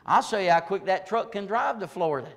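Older male pastor, high and bright, a fervent shouting preacher with quiet confiding turns. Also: expressive, fast talker, long reverb tail. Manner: fervent preaching that swings between hollered peaks and low confiding asides. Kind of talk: Pentecostal sermon. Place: church service.

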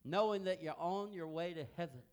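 An older man preaching a sermon, telling folksy family stories that swing from hushed asides to loud, emphatic peaks. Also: sits high, brisk, clear, resonant tone. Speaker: pastor.

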